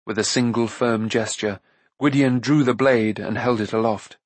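A man narrating a fantasy novel aloud with an even storytelling delivery. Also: medium pitch, moderate pace, slightly rough, no echo. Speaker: audiobook narrator. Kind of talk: scripted narration.

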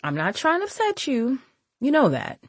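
A warm-hearted grandmother speaks gently and lovingly, voiced by a woman reading aloud. Her pitch rises and falls with lively expression. The recording is dry and close. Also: moderate pace, husky, no echo, heavily acted. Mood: earnest. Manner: soft, affectionate, calls listener baby. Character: older grandmother, gentle and caring.

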